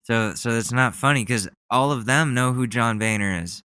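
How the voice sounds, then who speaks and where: A man's voice: medium pitch, moderate pace, sharp tone, clean tone, no echo. A man hosting a podcast, chatting casually in a loose, joking and profane way. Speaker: podcast host. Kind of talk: casual chat.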